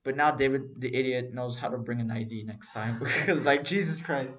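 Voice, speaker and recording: A young man co-hosting a podcast, telling a story in casual chat, animated and swearing as he acts out what people said. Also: medium pitch, moderate pace, a crowd in the background. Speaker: podcast co-host. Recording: dull lo-fi recording.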